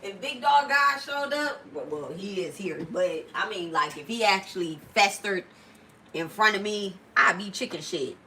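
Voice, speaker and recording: A woman's voice: medium pitch, animated, normal speed, bright, forceful tone, a little hiss or hum. A woman from Detroit with a Detroit accent, talking blunt and profane in a casual live stream as a spiritual reader, reading and answering comments. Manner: reads comments aloud and answers them.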